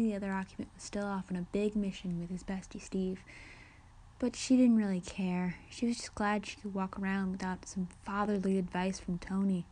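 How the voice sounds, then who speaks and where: A woman reading her own story aloud in a steady, even narrating voice. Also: mid-range voice. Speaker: reader of her own fan fiction.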